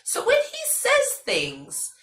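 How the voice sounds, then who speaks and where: A young woman talks to her viewers in a chatty, animated way, her pitch swinging widely. Her voice is bright with a gravelly edge. The sound is echoey, as if she is in a bare room. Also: slow. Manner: chatty, animated and talkative, with frequent fillers. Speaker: vlogger. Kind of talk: casual storytelling vlog.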